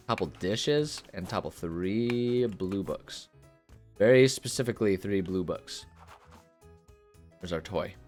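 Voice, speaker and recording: Low-voiced man rambling casually. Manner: rambling, filler-heavy, relaxed. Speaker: gaming video host. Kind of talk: casual gameplay commentary.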